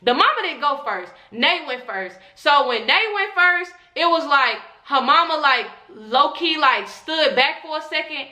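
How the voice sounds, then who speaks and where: A young woman vlogger telling a storytime in a casual, slangy, animated way, acting out whispered quotes. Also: high-pitched, a little slow, few pauses. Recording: echoey room.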